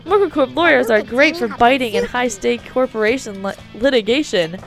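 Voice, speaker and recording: A woman's voice: a little high, moderate pace, music in the background, lightly acted. A woman reading a fanged little girl. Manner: reads the on-screen lines plainly. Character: little girl with fangs who speaks of herself by name.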